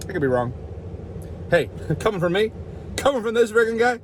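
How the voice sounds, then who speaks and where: A man rambling to the camera in a loose, jokey vlog, poking fun at himself and drifting from topic to topic. His voice sits a little high for a man, with faint traffic and outdoor hum behind him. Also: very animated, a little fast. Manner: jokey, rambling, self-mocking, over the top. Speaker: vlogger.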